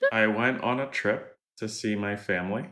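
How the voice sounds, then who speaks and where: A man co-hosting a gaming podcast, telling a travel story in a relaxed, hesitant way with many fillers. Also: fairly low pitch, moderate pace. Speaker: podcast co-host. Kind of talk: casual storytelling.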